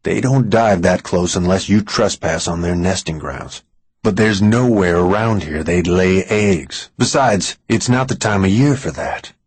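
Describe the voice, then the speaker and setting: A man voicing a level-headed male companion who questions in a measured, steady way in an audiobook. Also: low voice, husky, no echo. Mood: calm.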